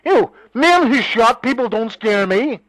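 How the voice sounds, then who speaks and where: A man argues on a call, his voice pitched high and recorded dry and close. He is scornful and combative, and he swears constantly. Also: lively intonation, measured pace, a bit bright, no echo, low-quality recording. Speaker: phone call participant. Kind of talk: heated phone argument.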